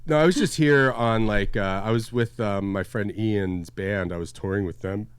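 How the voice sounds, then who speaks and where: A man's voice: on the low side, moderate pace, clean tone, dry recording. A male podcast host telling rambling, jokey stories in a studio, with lots of restarts. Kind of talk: casual comedic storytelling.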